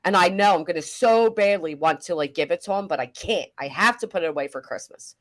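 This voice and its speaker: A middle-aged woman hosting a casual reaction chat, chatty and animated, swearing casually. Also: fairly low pitch, fairly quick. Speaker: commentary host.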